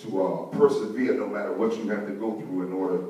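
A man's voice: fairly low pitch, steady tone, fairly quick, mellow, recorded from a distance. Preaching man in an echoey church. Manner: rhythmic preaching, calls for congregation responses. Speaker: pastor. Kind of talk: sermon. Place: church sanctuary. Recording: echoey church hall, mic from afar.

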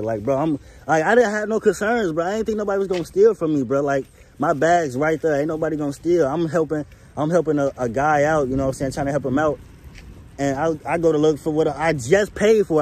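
A man's voice: a little high, a little mellow. A young man, telling a story to camera in a rambling, laid-back way with many restarts and "you feel me" checks. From Chicago. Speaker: vlogger. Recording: faint background noise.

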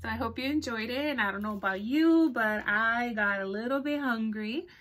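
A woman's voice: fairly high pitch, moderate pace, fairly bright tone. A woman librarian reading a picture book aloud to children. She stops to ask her listeners questions and laughs often.

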